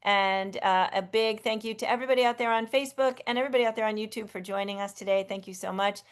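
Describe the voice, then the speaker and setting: A woman hosts a live online sing-along from a video call. She is effusive and chatty, often stopping and restarting her sentences. Her voice is smooth and resonant, sitting at a middle pitch. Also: fairly even intonation, quick pace. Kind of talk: casual live-stream hosting.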